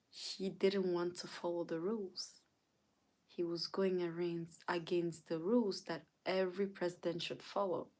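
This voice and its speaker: A woman's voice: lowish voice, a little mellow. A young woman hosting a livestream, chatting casually and teasing her viewers with playful, dramatic asides. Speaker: livestream host.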